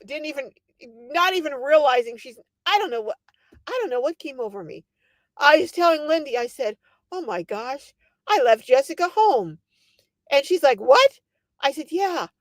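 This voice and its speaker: A woman's voice: sits high, no room sound. An older woman hosting a casual livestream, telling a story animatedly and reading out viewer comments. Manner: animated storytelling, laughing often. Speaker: livestream host.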